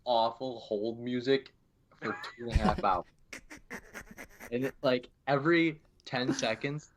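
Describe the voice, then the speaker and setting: Co-hosting a podcast, a man tells a story in casual chat, acting out his phone calls along the way. His voice is mid-range at a normal speed, with slight background noise.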